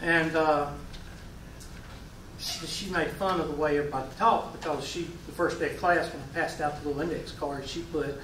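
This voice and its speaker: A man's voice: on the high side, fairly even intonation, normal speed, noisy background. A man in his forties with a Southern US accent, a math teacher giving a folksy classroom lecture and quizzing his students. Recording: roomy classroom, mic far away.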